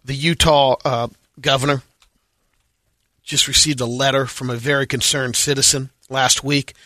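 A man with a bright, forward voice, reading quirky news items as a radio co-host. The sound is close and dry, and he delivers each item as a plain, matter-of-fact setup. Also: mid-range voice, level tone, moderate pace, no echo. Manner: reads odd news bits, dry setups. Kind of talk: casual banter and news reading.

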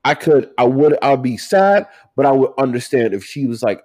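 A man co-hosting a casual talk, emphatic and animated, repeating his points. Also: medium pitch, brisk, hardly any pauses. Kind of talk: casual chat.

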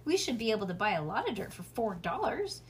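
A woman's voice: medium pitch, sing-song, fast, noisy background. A woman reading aloud and voicing a sweet, eager little girl in a storybook.

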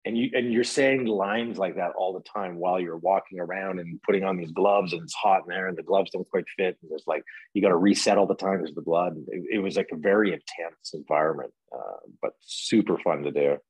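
A man's voice: sits low, a little fast, few pauses, slightly rough, no echo, highs cut off. A man in his thirties, an actor, telling stories in a casual interview, rambling with many fillers and restarts.

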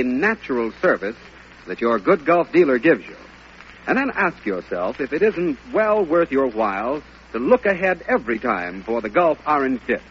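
A man's voice: fairly high pitch, lo-fi sound, a little hiss or hum. A man reading a folksy, friendly sponsor commercial on an old radio broadcast. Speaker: sponsor announcer.

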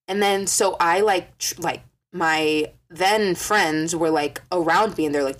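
A young woman telling a story in a casual vlog, swearing a lot and acting out quotes with animated energy. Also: lowish voice, measured pace. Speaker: vlogger.

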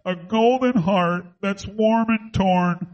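A man doing a comic impression of a coworker, reading lyrics slowly and dramatically through a plugged nose. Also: sits high, highs cut off, pitched above the performer's own voice. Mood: mock dramatic. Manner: slow dramatic recitation of lyrics. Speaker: radio show co-host. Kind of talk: comic impression on a radio show.

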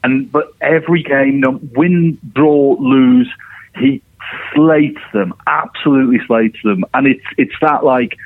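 A man's voice: mid-range voice, a little slow, creaky, no room sound. Easygoing man on a tinny dry line. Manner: easygoing, laughs along. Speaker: podcast co-host. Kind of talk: casual football podcast chat.

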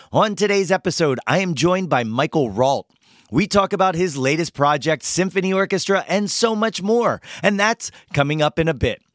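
Hoarse dude hosting his podcast, kinda high voice, dry close sound, hyped and jokey. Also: fairly bright tone, no room sound. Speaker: podcast host. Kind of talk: casual podcast monologue.

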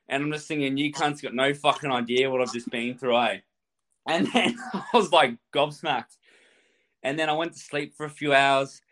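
A man casually telling a wild travel story, animated and swearing a lot, laughing as he goes. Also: fairly high pitch, slight background noise.

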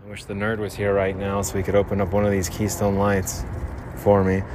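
A man's voice: lowish voice, monotone, brisk. Nasal man rambling outdoors by traffic. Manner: rambling, self-deprecating, jokey. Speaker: podcast host. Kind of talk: rambling casual monologue. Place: outdoors by a freeway. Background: traffic and motorcycles.

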